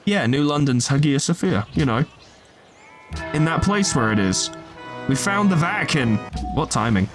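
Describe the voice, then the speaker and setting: With music behind him, a gaming video host speaks in a fairly high voice with lively intonation, moderate pace, and long pauses. His casual let's play commentary on a strategy game is full of jokes, swearing, and chatter aimed at his units.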